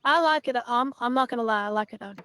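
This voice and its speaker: A woman's voice: a little high, fast talker, sharp tone, smooth. A woman roleplaying a group leader, talking in a folksy, upbeat, direct way. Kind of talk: in-character roleplay chat.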